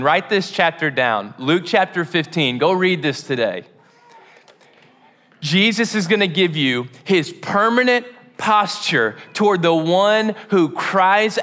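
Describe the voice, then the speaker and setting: Bright, animated high-voiced male pastor. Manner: animated, casual slang, acts out stories. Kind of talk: sermon.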